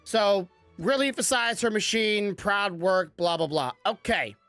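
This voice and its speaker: A woman's voice: medium pitch, unhurried, a bit bright, no room sound, soft background music. A woman giving casual commentary while playing a game, chatty and self-mocking, stumbling as she reads the text aloud. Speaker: gaming streamer.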